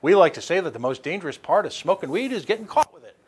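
A man's voice: sits high, very animated, quick pace, breathy edge. A man hosting a radio talk show, speaking animatedly with many restarts and sarcastic asides. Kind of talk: casual political talk.

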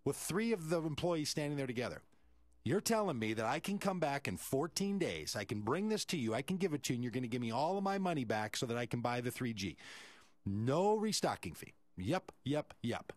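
A man's voice: mid-range voice, big pitch swings, brisk, no room sound. A male radio host, telling a story animatedly and acting out the quoted voices.

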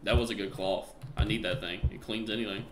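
A man's voice: on the low side, steady tone, brisk, background noise. A young man streaming a game, chatting casually with slang and jokes at a desk mic. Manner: chatty, joking slang asides. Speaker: gaming streamer. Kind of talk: casual live-stream commentary. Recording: echoey room.

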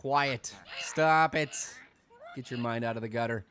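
A young man hosting a video game let's play, rambling goofily and suddenly yelling a silly word. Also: medium pitch, unhurried, a little hiss or hum. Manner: goofy, rambling, randomly yells a silly word. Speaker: gaming channel host.

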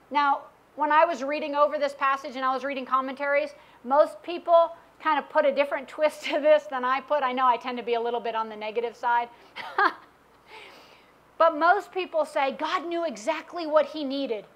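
A woman delivers a church sermon in a high, bright-pitched voice. She reads Bible passages and muses frankly, often admitting uncertainty in a plain, conversational way. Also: normal speed. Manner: candid, self-questioning Bible teaching with acted quotes. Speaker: preacher.

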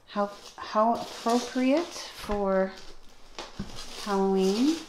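Woman vlogger, unhurried, thinks aloud over each item; echoey room, audible background noise. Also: medium pitch, a little mellow. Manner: slow, musing, talks to herself, gasps with delight at finds. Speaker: vlogger unboxing toys. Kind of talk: casual unboxing commentary.

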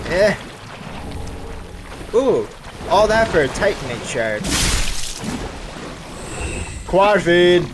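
A man's voice: high-pitched, background noise. Goofy young man commenting on a game. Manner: goofy, joking, bursts of excited yelps. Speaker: gaming YouTuber. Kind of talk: let's play commentary.

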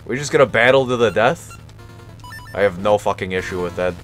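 A man's voice: on the low side, a little fast, a bit bright, soft background music. A man streaming a video game and commenting casually, with profane, self-mocking jokes.

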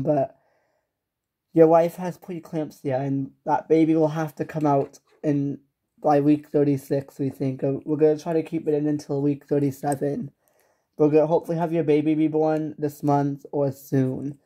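A woman's voice: low voice, flat delivery, normal speed, mellow. A woman voicing a matter-of-fact hospital doctor who explains things in a businesslike, slightly hesitant way in a toy-figure home drama. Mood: explaining.

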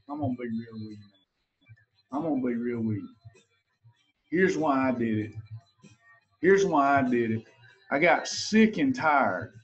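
A man's voice: high voice, slightly rough, dull audio. A man giving a motivational livestream talk, preachy and emphatic, hammering home points by repeating his phrases. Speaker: motivational speaker.

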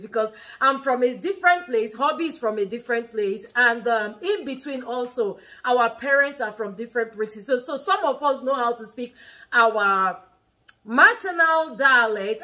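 A woman's voice: fairly high pitch, sharp tone. A Nigerian woman in her thirties hosting a family vlog, chatting casually and animatedly, often laughing and restarting her phrases. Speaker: family vlog host and mother. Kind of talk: casual teaching chat.

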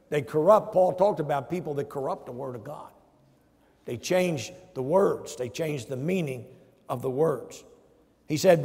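A man's voice: fairly high pitch, darkish tone, slightly rough. A man, a pastor, preaching a sermon emphatically and putting rhetorical questions to his congregation in a church. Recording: long church reverb.

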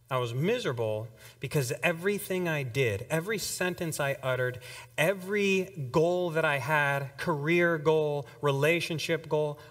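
A young man preaching a sermon, telling his conversion story with shifts between hushed and excited delivery. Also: on the high side, big-room sound. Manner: emotional storytelling, swings between soft and excited. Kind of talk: testimony sermon. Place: church hall.

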